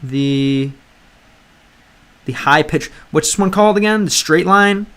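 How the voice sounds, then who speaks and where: On a livestream, a man studies a language while chatting casually, thinking out loud, reading the chat and frequently restarting sentences. His voice is on the high side, a bit bright and clean, and he speaks a little slowly.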